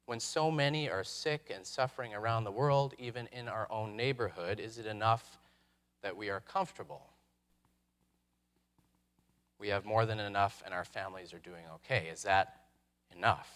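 A man preaching a sermon, reflective, posing rhetorical questions with dramatic pauses. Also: lowish voice, a bit bright. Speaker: pastor.

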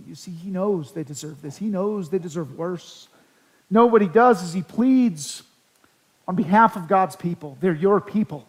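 Pastor, male, high-pitched, earnest sermon delivery with scripture reading. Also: low-quality recording. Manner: earnest preaching, reads scripture aloud, dramatic rises for quoted pleas.

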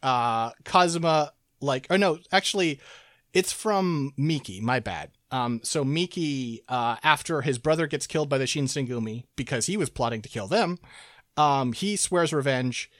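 A man's voice: medium pitch, animated, fairly bright tone, no room sound. Guy rambling through a game story, um and like everywhere, laughing, mid voice, dead dry sound. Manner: rambling, laughing, quoting characters in quick asides. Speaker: podcast co-host recapping a game. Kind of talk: casual chat.

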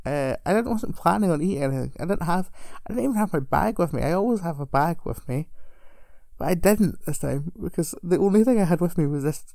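A woman's voice: fairly low pitch, lively intonation, a little fast, vocal fry, warm tone, no room sound. A woman telling a story in casual chat, rambling and self-deprecating with frequent chuckles. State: recovering alcoholic.

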